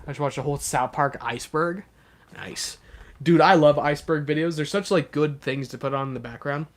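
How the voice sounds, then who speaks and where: A young man rambles through a casual livestream, filling his talk with lots of fillers as he addresses his chat. His voice is fairly high and his pace fairly quick.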